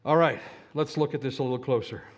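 A man preaching a sermon, often asking his listeners questions and stressing words slowly. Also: medium pitch. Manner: asks the audience questions, slow deliberate emphasis. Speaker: pastor.

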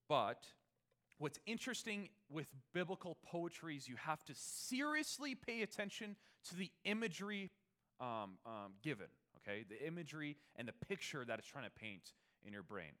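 A man preaching a Christmas sermon, moving from quiet, conversational reflection to loud, ringing proclamation. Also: fairly high pitch, big pitch swings, moderate pace. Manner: swings from hushed reflection to loud, soaring proclamation; conversational asides, fillers and restarts.

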